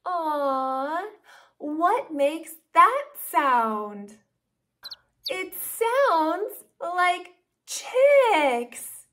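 A woman hosting a toddler learning video, speaking slowly and sounding out words in an exaggerated teaching manner. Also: very high-pitched, very animated, fairly bright tone. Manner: slow, exaggerated, sing-song teaching to toddlers. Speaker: children's educational video host. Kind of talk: toddler speech lesson.

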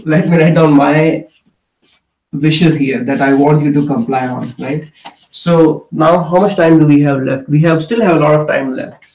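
A man's voice: a little high, fairly even intonation, normal speed, a little mellow. A man teaching a live online Hindi class, explaining with many fillers and checking in with "okay" as he goes. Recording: echoey room, mic at a distance.

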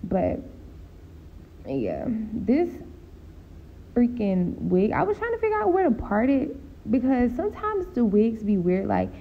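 A woman's voice: wildly swooping pitch, measured pace, pauses often, narrow, tinny audio. A tired woman chatting casually in a voice-over for her beauty vlog, laid-back and sleepy. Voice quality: deep gravelly voice. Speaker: beauty vlogger. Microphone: home voice-over mic.

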